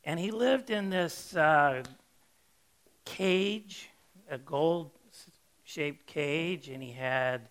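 A male preacher tells a folksy, animated story at an unhurried pace, drawing it out. His voice sits a little high for a man. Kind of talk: storytelling sermon.

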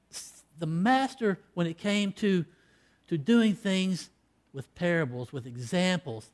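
A man preaching a sermon, acting out scripture dialogue, with loud emphatic peaks that fall to hushed, low line endings. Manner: acts out quoted lines in old-fashioned scripture wording.

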